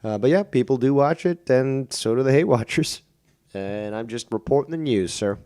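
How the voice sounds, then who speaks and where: A man's voice: medium pitch, animated, moderate pace, dark tone, clear, resonant tone. A man hosting a casual online show, reading out viewer comments with wry, dry commentary. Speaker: host.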